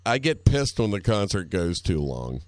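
Very deep-voiced man, rambling casually. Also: sing-song, moderate pace, no echo, studio quality. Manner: rambling, hesitant restarts, swears casually. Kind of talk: casual chat.

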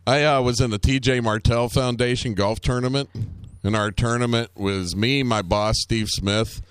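A man co-hosting a talk show, chatting casually, laughing often and shouting out movie quotes. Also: medium pitch, steady tone, moderate pace, clear, resonant tone, no room sound. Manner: laughs a lot, quotes movie lines in loud shouted voices. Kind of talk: casual banter.

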